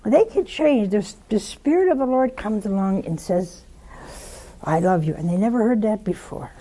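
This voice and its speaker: An older woman giving a short spiritual talk in a slow, emphatic way. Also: medium pitch, lively intonation, dark tone. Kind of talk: spiritual teaching.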